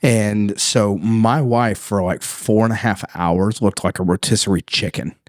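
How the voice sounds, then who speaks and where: Male podcast co-host, animated storyteller, dry close sound. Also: on the low side, a little slow, no room sound. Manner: animated storyteller, laughs often. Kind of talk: casual storytelling chat.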